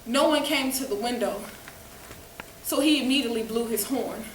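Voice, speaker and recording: A woman's voice: fairly high pitch, moderate pace. A woman giving a dramatic first-person story, acting out the dialogue vividly. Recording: echoey room, distant mic, faint noise.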